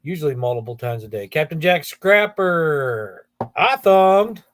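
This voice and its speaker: Middle-aged male livestream host, chatty and jokey, slightly high voice, dry close sound. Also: lively intonation, measured pace, dry recording. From Ohio. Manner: chatty, jokey, greets viewers by name. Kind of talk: casual livestream chat, reading comments aloud.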